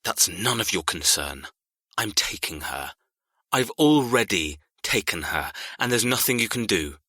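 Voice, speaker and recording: A man reads a cold, controlling man who speaks low, slow and threatening, with a lively swing to his delivery. The voice is bright and sharp, recorded close and dry for an audiobook. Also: dry recording. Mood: menacing. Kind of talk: audiobook character reading.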